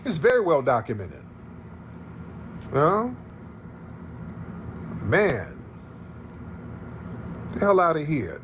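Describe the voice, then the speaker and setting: A man's voice: fairly high pitch, very animated, measured pace, pauses often, a little hiss or hum. A man from the United States hosting a livestream, ranting in heated, profane reaction commentary and repeating his points for emphasis. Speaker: livestream host.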